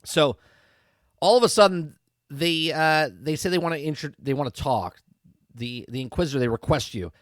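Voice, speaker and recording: A man's voice: on the high side, normal speed, no echo, studio quality. A man hosting a podcast, giving a rambling, emphatic and mocking spoken review that keeps checking in with his listeners. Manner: rambling and emphatic, keeps asking "okay?" and "right?"; incredulous, mocking tone. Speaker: podcast host reviewing a TV episode.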